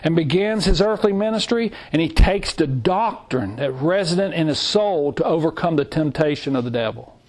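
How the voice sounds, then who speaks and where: A man's voice: on the high side, expressive, normal speed, hardly any pauses, a little mellow. A middle-aged man teaching a Bible class, emphatic and repetitive, reading scripture aloud. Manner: emphatic, repeats phrases, reads scripture aloud. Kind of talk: sermon.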